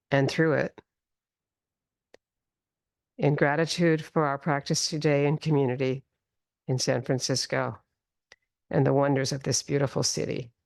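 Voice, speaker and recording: Slow, gravelly-voiced woman teaching qigong. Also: low voice, no room sound, studio quality. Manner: slow, calm instructions with drawn-out healing sounds. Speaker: qigong and tai chi instructor. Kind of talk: guided movement class. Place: studio class in the city.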